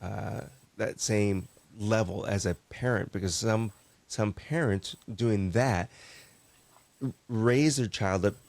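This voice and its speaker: A man hosting a podcast, speaking in a low voice that sounds dry and close. He talks in a thoughtful way, turning his guest's stories into broader points for parents. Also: slow, gravelly, darkish tone, no echo. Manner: reflective, sums up the guest's points in his own words. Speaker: podcast host. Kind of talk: podcast interview conversation.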